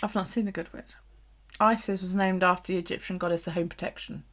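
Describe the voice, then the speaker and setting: A woman's voice: on the low side, steady tone, quick pace, fairly bright tone. A woman hosting a late-night livestream, chatting casually, laughing often and swearing freely as she rambles. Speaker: bullet-journal livestream host. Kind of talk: casual live-stream chat.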